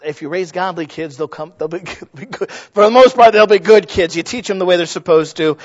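Pastor, male, middle-aged, high voice, lively sermon with restarts, slightly muffled recording. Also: a little fast. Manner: lively storytelling with frequent restarts and asides. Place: church sanctuary.

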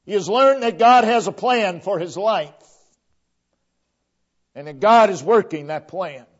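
A man preaching a sermon with slow, deliberate emphasis, his voice sinking to a hush at the end of phrases. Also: sits high, animated, muffled recording.

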